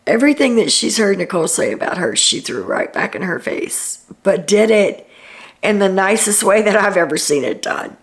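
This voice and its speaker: A woman's voice: medium pitch, sing-song, normal speed. A woman hosting a casual reality TV recap, retelling what people said in a chatty way with ums.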